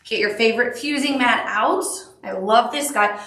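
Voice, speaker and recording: A woman's voice: fairly high pitch, moderate pace, a bit bright, roomy sound, recorded from a distance. A woman with a Southern accent leads a live quilting tutorial, chatty and upbeat, with cute little asides. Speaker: quilting instructor.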